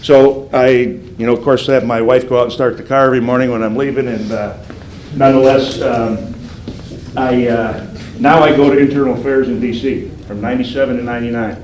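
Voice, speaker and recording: A man's voice: medium pitch, fairly quick. Older man telling a story in a roomy hall. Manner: animated, acts out quoted voices. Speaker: federal agent speaking to police recruits. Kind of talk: storytelling speech. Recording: roomy hall sound, faint background noise.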